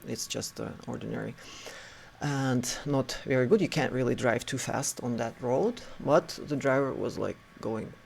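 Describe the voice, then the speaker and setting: A man's voice: medium pitch, moderate pace, gravelly, slight background noise. A man casually telling a personal story in a rambling way, with many restarts and fillers. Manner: animated retelling with acted quotes.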